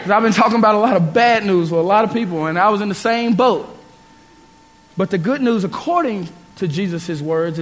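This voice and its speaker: A man preaching a sermon to a congregation, calling for responses and building to emphatic repeated phrases. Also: high-pitched. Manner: call-and-response with the congregation, rising to emphatic repetition. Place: church service before a congregation.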